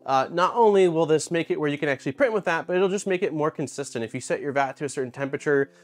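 A man's voice: a little high, fast talker, soft background music. A man hosting a casual live-stream unboxing, thinking aloud and greeting viewers in chat. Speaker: streamer host.

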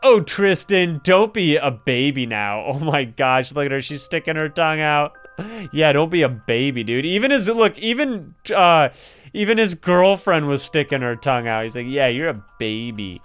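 An excitable young man reads game story dialogue aloud and reacts to every turn. His voice sits a little high and comes through smooth and clear. Faint music plays underneath. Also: normal speed. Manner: excitable, laughs and gasps often. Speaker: gaming YouTuber.

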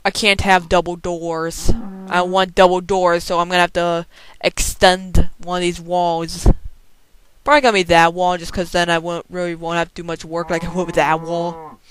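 A man's voice: high-pitched, little pitch movement, moderate pace, fairly bright tone, a little hiss or hum. A man giving casual gameplay commentary as a let's play host, rambling and joking as he chats to the animals in his game, often restarting his sentences. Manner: frequent restarts and stumbles.

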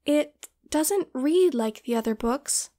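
A woman's voice: high-pitched, expressive, slow pace, warm tone, voice pushed up. A woman voicing a grieving young woman, a devoted book fan, speaking earnestly and emotionally.

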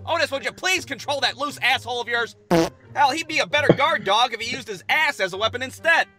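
A man narrating a comedic animated story in an exaggerated, profane and punchy way. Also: extremely high pitch, quick pace, soft background music.

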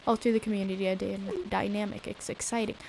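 A woman's voice: medium pitch, little pitch movement, quick pace, gravelly, a little mellow, slight background noise, close to an everyday voice, low-quality recording. A woman reading the lines of a friendly young woman villager from a video game, in a lightly raised, eager tone.

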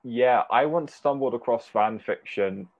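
A young man guesting on a podcast, chatting casually and telling animated stories with loud acted-out quotes. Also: mid-range voice, unhurried, no room sound, muffled recording. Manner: animated storyteller, acts out quotes loudly. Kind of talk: casual chat.

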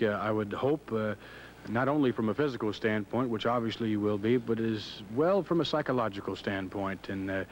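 A formal wrestling announcer reads the upcoming card in a measured broadcaster delivery. A faint hiss runs beneath his voice. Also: medium pitch, poor audio. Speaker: ring announcer and interviewer.

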